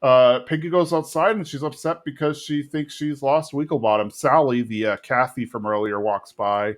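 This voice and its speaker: A man from Texas casually recapping a cartoon episode on a podcast, slipping into quick voices for the characters. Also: medium pitch. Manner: retells plot with quick put-on character voices. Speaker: podcast co-host.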